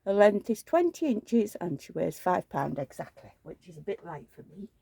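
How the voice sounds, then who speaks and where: A woman's voice: on the low side, big pitch swings, moderate pace, gravelly, dark tone, slightly rough, dry recording. A woman, rambling through homely anecdotes in a chatty vlog and acting out the dialogue. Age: 70s. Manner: rambling anecdotal storytelling, acts out quoted dialogue. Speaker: reborn doll collector.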